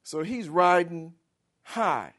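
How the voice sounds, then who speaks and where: A man's voice: on the high side, slow. A male preacher giving a theatrical sermon, acting out the characters as he goes. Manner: animated and theatrical, acts out the characters.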